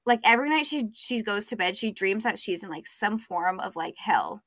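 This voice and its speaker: A woman's voice: mid-range voice, normal speed, fairly bright tone, no echo. A young woman co-hosting a podcast, chatting casually about a book, full of fillers. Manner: chatty, many fillers, acts out quotes. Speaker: podcast co-host.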